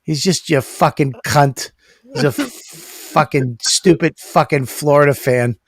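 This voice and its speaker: A man's voice: a little high, unhurried. A middle-aged man co-hosting a podcast, ranting crudely with lots of swearing and laughter. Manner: profane, ranting, laughs often. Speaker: podcast co-host. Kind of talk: crude comedic banter.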